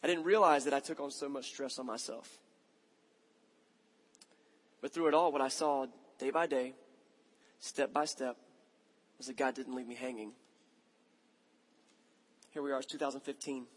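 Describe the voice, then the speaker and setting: A man's voice: medium pitch, fairly even intonation, moderate pace, pauses often. A man in his thirties preaching a sermon, telling a story about himself in a conversational, self-mocking way. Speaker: pastor. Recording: long hall reverb.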